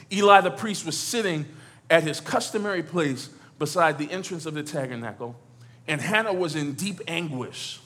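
Preaching man, conversational, building loud. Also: on the high side, animated, a little fast. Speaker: pastor. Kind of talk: sermon.

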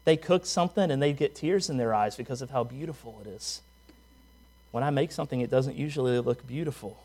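A pastor preaching a sermon in a humorous, conversational way, full of rhetorical questions. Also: male voice, mid-range voice, a little fast, darkish tone.

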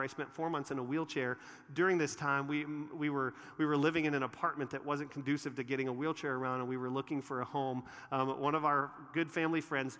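A middle-aged man, a pastor, telling personal stories and leading prayer in a sermon, with animated retellings and frequent restarts. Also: medium pitch. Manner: animated storytelling, many restarts and filler. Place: church auditorium. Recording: reverberant church hall.

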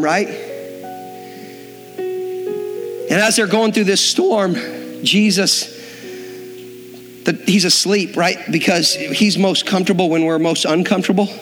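A man's voice: high-pitched, fairly bright tone. A man preaching a sermon, building in intensity and acting out the voices he quotes. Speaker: pastor. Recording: long reverb in a hall, faint music behind.

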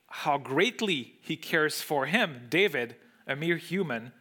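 A man's voice: fairly high pitch, pushed and bright. A man speaking English as a second language, preaching an expository sermon to a room, emphatic and full of rhetorical questions. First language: not English. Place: room with a congregation.

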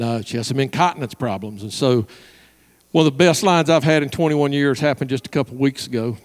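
A male pastor telling a story in a sermon, lively and animated, sometimes dropping to a soft, hushed voice. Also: medium pitch. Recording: long hall reverb.

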